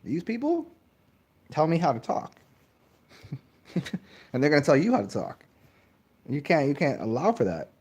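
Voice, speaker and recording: A man's voice: moderate pace, pauses often, slightly rough. A man ranting in a casual monologue, swearing freely and mocking others in exaggerated voices. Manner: profane, animated, mimics others in high mocking voices. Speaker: channel host.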